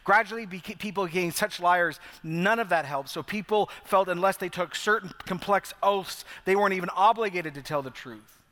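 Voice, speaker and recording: A man's voice: high voice, sharp tone. Middle-aged male preacher in a reverberant hall. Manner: earnest preaching that slows down to stress key phrases. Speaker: pastor. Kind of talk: sermon. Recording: long reverb of a large hall.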